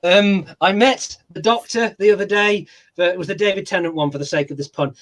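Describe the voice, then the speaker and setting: A man's voice: sits high, fairly even intonation, brisk, fairly bright tone. A British man playing in an online pun contest, telling his puns as little stories and giggling as he goes. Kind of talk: casual comedy chat.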